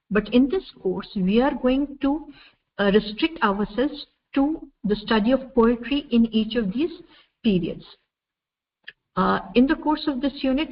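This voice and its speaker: A woman from India giving a measured university lecture over slides, explaining step by step with frequent "uh" fillers. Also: fairly high pitch. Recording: dull lo-fi recording with faint noise.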